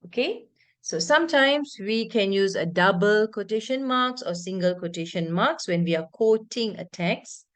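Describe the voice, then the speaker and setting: A woman's voice: medium pitch, moderate pace. A woman with a Malaysian English accent teaching an online English lesson, explaining patiently and often checking in with her students. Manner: reads example passages aloud with expressive intonation.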